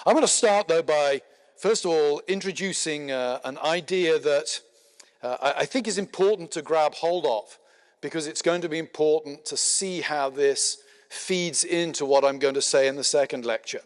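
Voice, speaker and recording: A middle-aged man giving a conference lecture in a measured, explanatory way, with frequent filler words and dry asides. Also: fairly high pitch. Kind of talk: spoken lecture. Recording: long hall reverb.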